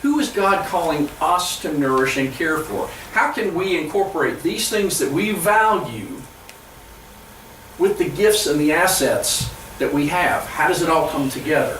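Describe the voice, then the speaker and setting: A man speaking as a pastor, giving an earnest storytelling presentation to church leaders, with halting restarts. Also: fairly high pitch, expressive, a bit bright, slight background noise. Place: church hall. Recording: echoey room, from far off.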